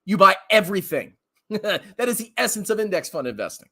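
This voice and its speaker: A man's voice: sits high, sing-song, brisk, sharp tone. A man ranting as a finance commentator on a livestream, mocking and laughing often while answering chat questions.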